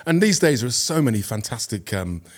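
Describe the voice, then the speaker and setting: Chatty actor, easygoing storyteller. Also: male voice, medium pitch, big pitch swings, a little fast. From England. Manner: chatty, self-deprecating storyteller with frequent "you know" and restarts. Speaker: guest actor. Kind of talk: casual chat.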